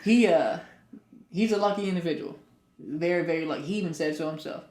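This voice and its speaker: A man co-hosting a casual podcast, telling stories and rising loud for punchlines. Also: on the high side, a little fast, a little hiss or hum. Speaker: podcast co-host. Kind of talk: casual chat. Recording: echoey room.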